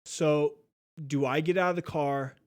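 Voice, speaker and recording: A young man casually telling a travel story, animated and swearing often, acting out what people said. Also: on the high side, unhurried, clean tone. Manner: animated, swears a lot, acts out quotes. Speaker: podcast guest.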